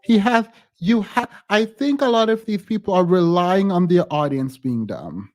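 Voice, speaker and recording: Exasperated male host, slightly high voice, reaction commentary. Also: animated, normal speed, darkish tone. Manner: skeptical, exasperated, thinking aloud.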